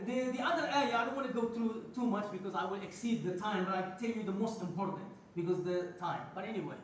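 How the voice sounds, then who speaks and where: High-voiced preacher in an echoing mosque hall. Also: male voice, fast talker. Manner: animated storytelling, acting out dialogue, mixing in Arabic religious terms. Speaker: preacher giving a Friday sermon. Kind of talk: sermon. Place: large mosque prayer hall. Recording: very echoey hall, distant mic, faint noise.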